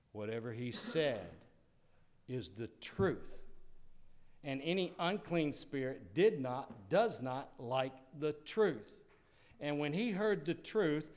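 A man preaching from the pulpit as a pastor, his voice sitting a little high for a man. He delivers the sermon dramatically, rising to loud declarations and then dropping to hushed asides.

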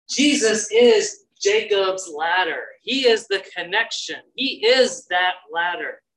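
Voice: mid-range voice, bright, forceful tone, low-quality recording. A preacher giving a Bible-teaching sermon in an emphatic way, repeating key phrases for stress.

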